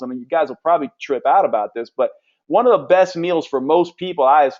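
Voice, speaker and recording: A health coach teaches a live nutrition session, answering questions in a forceful, emphatic, blunt manner. His voice is a little high and the audio is dull.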